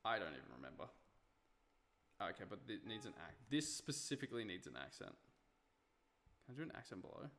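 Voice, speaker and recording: Gravelly young man muttering as he works. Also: on the low side, very animated, brisk, long pauses, fairly bright tone. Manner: muttering to himself, self-mocking asides. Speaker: streamer. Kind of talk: casual live-stream talk while working.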